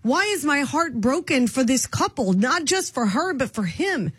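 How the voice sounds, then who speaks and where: A woman's voice: high voice, expressive, normal speed, fairly bright tone, no echo, clean studio sound. A woman hosting a radio talk show, earnest and soothing.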